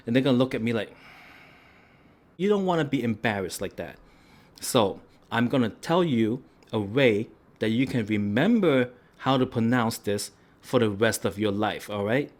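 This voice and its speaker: A man's voice: medium pitch, animated, normal speed. A man hosting a food and travel vlog, joking and rambling in a casual way with lots of "right?". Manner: playful, rambling, tag questions like "right?".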